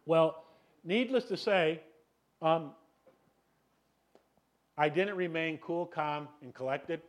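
A middle-aged man preaching a sermon, telling a personal story in an animated, self-mocking way and filling his talk with "you know". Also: fairly high pitch, slow. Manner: animated, self-deprecating, acts out voices, many "you know"s. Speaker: pastor.

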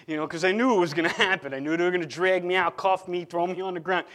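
A man tells his own faith testimony in an earnest, halting way. His voice sits a little high for a man, and he often restarts and repeats words as he goes. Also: a bit bright. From Long Island, New York. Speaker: speaker giving a testimony.

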